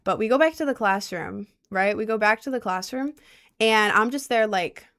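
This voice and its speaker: A woman's voice: mid-range voice, normal speed, a bit bright, smooth. A young woman spins a casual story in a rambling way, full of filler words. She keeps breaking off to apologize for oversharing. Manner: rambling, heavy on "like", apologetic asides.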